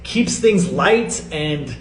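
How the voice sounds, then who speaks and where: A man's voice: a little high, expressive, very slow, soft background music. Upbeat man in a roomy video clip. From United States. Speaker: video creator. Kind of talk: scripted dating advice video. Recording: roomy clip with faint noise.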